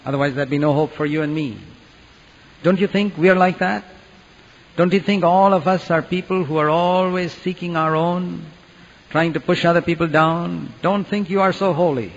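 A man preaching a sermon with earnest, dramatic swings from hushed to loud. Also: on the high side, steady tone, normal speed. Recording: dull echoey hall recording.

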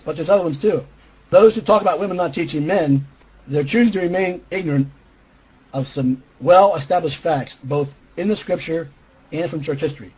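Husky man teaching a sermon. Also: a little high, darkish tone. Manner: earnest explanatory teaching with frequent "okay?" check-ins. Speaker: preacher. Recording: dull lo-fi recording.

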